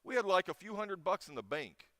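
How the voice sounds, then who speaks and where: A man's voice: high voice, big pitch swings, fairly quick, sharp tone, no echo, clean studio sound. A middle-aged man giving an informal chapel talk, telling a personal story with feeling and frequent restarts. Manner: emotional storyteller with many restarts. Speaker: chapel speaker.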